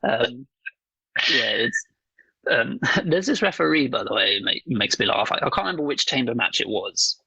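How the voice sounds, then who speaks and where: A man's voice: medium pitch, sing-song, moderate pace, vocal fry, bright, forceful tone, breathy edge, no room sound, rough recording. A man co-hosting a casual podcast chat, blunt and swearing freely. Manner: blunt, swears freely, acts out voices while joking. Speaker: podcast co-host.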